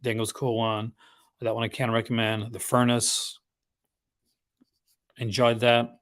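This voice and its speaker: A man's voice: medium pitch, monotone, unhurried, a bit bright. A man hosting a casual live unboxing stream, chatting in a rambling, conversational way with enthusiastic asides about films he collects.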